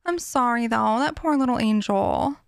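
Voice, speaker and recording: Woman streamer, high-pitched, loose filler-filled chat, recorded dry at a home desk mic. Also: animated, normal speed, creaky, no room sound. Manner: chatty, filler-heavy, warmly sympathetic to viewers. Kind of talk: casual live-stream chat.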